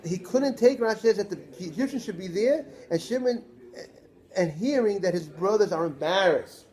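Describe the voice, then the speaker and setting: A man, a rabbi, giving a Torah class lecture in an animated way, posing rhetorical questions to his listeners. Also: sits high, normal speed.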